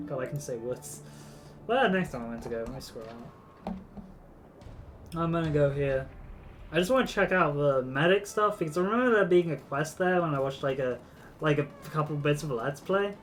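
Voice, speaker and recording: Male streamer, rambling gameplay chatter, voice on the higher side. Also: expressive, moderate pace, soft background music. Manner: rambling, chatty, frequent fillers. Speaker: vtuber streamer. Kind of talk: casual gameplay commentary.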